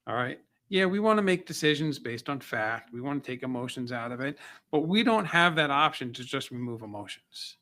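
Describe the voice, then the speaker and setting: A man who is a podcast guest and motivational speaker, telling personal stories in an energetic, emotional way with frequent restarts. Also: medium pitch, brisk, dry recording. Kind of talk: casual chat, personal storytelling.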